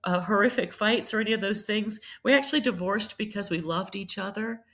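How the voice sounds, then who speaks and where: A woman's voice: medium pitch, fairly quick, a bit bright. A middle-aged woman from South Carolina, a priest and nurse telling her life story in a podcast interview, reflective and full of ums and restarts. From Charleston, South Carolina.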